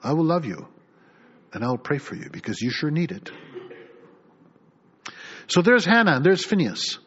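A middle-aged man preaches a sermon as pastor, his fairly high voice breathy at the edges and his pace moderate. He is animated, reading scripture aloud and acting out its people's voices. The recording sounds dull and lo-fi.

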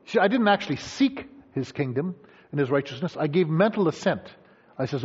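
A man's voice: a little high, a little fast, slightly rough. A man preaching a sermon, acting out voices of people he quotes. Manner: animated, acts out quoted voices. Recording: dull lo-fi sound.

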